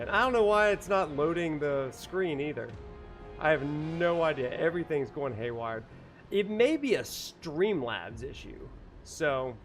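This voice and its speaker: A man, a university professor, lecturing casually while playing a video game, rambling with many fillers and joking about technical trouble. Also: mid-range voice. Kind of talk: casual lecture over gameplay.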